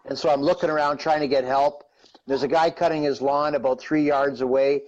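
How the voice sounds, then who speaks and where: Fairly high-pitched and steady, this man speaks briskly with a slightly mellow tone, though the recording is muffled. A Canadian in his fifties, he's a guest on a live-streamed interview, rambling through a long personal story with plenty of "right?" and "you know."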